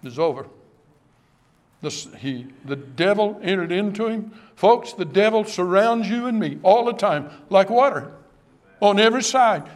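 A man with a notably high voice preaches to his congregation with dramatic passion. He leans hard on key words, then falls to a low, solemn hush. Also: animated, unhurried. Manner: impassioned, dramatic preaching that drops to hushed tones. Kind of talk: sermon.

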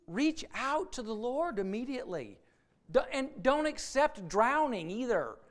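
High, clear-voiced man preaching. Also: very animated, measured pace. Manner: earnest, repeats words, acts out quoted voices. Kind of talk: sermon.

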